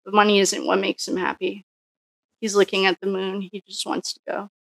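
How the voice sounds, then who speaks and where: Woman tarot reader, gravelly fry, dry close sound, rambling think-aloud delivery. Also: medium pitch, level tone, normal speed, dry recording. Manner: musing, thinks aloud with frequent restarts. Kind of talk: casual solo tarot reading.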